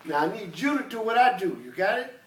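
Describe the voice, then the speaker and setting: Man, a commanding classroom teacher with a high voice, recorded far off in an echoey room. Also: animated, fast talker, a bit bright. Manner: commanding, drills students call-and-response.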